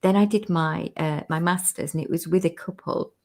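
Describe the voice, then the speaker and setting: This interview host has a lowish, creaky voice with fairly even intonation and a moderate pace. Chatting casually on a video call, she tells anecdotes, laughs, and performs the lines of the people she quotes.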